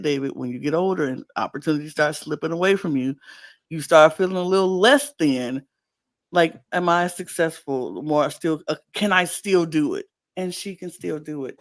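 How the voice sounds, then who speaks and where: A podcast co-host chatting casually and animatedly, often laughing and acting out quotes. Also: mid-range voice. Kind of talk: casual chat.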